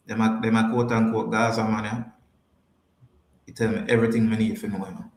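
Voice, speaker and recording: A man's voice: fairly low pitch, flat delivery, a little fast, reverberant, a little hiss or hum. A man with a Jamaican accent hosting a podcast, chatting casually with viewers and repeating his points for emphasis. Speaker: podcast host. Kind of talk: casual livestream chat, answering viewers.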